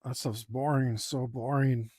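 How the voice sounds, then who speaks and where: A man chatting casually as he works on his art, rambling and joking at his own expense, with loud groans at the dull parts. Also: mid-range voice, steady tone, measured pace, no echo, clean studio sound. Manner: rambling, self-deprecating, groans and sighs aloud. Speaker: artist streaming his drawing process. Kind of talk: casual talk while working.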